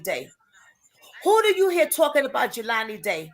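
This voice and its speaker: A woman hosting a livestream who talks loudly and bluntly, swearing as she scolds viewers and answers chat comments. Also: on the high side, huge pitch swings, normal speed. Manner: reads chat comments aloud and answers them. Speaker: YouTube livestream host.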